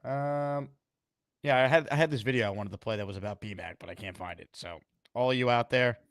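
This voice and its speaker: A man hosts a casual sports call-in show in a relaxed, wry way, reading viewer messages aloud. His voice sits at a middle pitch. The sound is dry and close. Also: brisk, clear, resonant tone, no room sound. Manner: laid-back, wry, reads out viewer messages. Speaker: show host.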